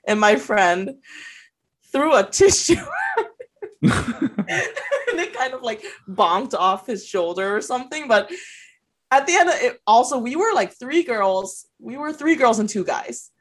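A young woman co-hosting a podcast, recounting a story with loose, animated energy. She breaks into laughter mid-sentence and swears freely, and her voice sits a bit higher than most. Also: a little slow. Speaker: podcast co-host. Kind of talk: casual storytelling chat.

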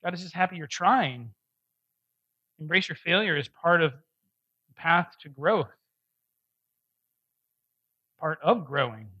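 A man preaching a conversational sermon, telling a personal story in an animated, self-deprecating way with frequent laughter. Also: fairly high pitch, a little slow, slightly rough, highs cut off. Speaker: pastor.

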